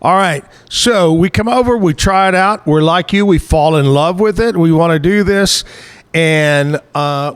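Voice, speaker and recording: A male talk show host chats casually with a guest. His voice sits a little higher than most men's. He rambles through his questions and jokes along the way. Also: clean tone. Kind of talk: casual interview chat. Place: live show at a bar stage.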